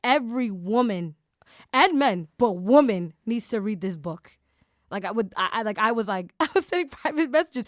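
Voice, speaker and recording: A podcast host speaks at normal speed in a slightly high voice, chatting casually with animated enthusiasm. She talks in bursts and leans on many fillers. The studio recording is clean and dry.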